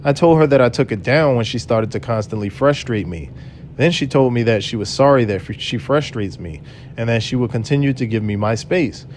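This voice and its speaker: A man recounts a personal story in an earnest, aggrieved way, reading his own messages aloud. His voice sits at an ordinary middle pitch. A faint low rumble runs underneath. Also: fairly quick. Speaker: channel host telling his own story.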